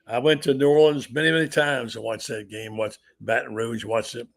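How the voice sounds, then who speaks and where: A man's voice: medium pitch, level tone, brisk, creaky. An older man hosting a sports talk show, blunt and opinionated, telling long stories. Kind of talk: sports talk radio chat.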